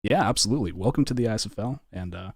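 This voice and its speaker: A man hosting a live online draft stream, with relaxed, upbeat announcer patter. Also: lowish voice, racing, no room sound, studio quality. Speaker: draft host.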